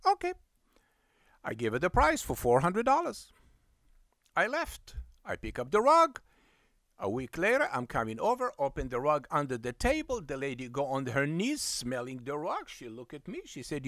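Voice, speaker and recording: Middle-aged man, animated storyteller, high and lively pitch. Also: normal speed, no room sound, studio quality. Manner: animated, acts out both sides of the dialogue. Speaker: rug cleaning business owner. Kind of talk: storytelling monologue.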